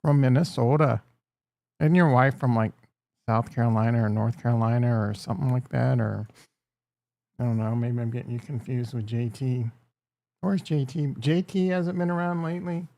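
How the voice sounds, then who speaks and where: A man's voice: mid-range voice, normal speed, creaky, warm tone, dry recording. A man hosting a casual livestream, rambling and crude as he jokes with his chat. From Upper Midwest. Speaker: livestream host.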